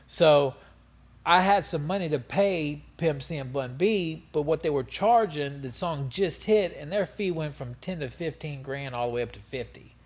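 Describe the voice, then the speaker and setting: A middle-aged man telling stories as an interview guest, animated and profane, laughing often. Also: on the high side, normal speed. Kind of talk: casual storytelling interview.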